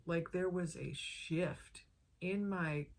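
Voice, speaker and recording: A woman's voice: lowish voice, fairly even intonation, slow pace. A woman vlogger sharing a personal health testimony in an earnest, heartfelt way, drawing out her phrases.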